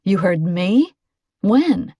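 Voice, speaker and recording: Woman doing a solemn teen boy, serious, even, calm, guarded, dry recording. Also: mid-range voice, drawn-out words, husky, no echo, dull audio, full character voice.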